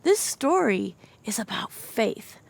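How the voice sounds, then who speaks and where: A woman's voice: fairly high pitch, big pitch swings, slow pace, vocal fry. A young adult woman teaching children a Bible story, telling it with animation and asking the kids questions.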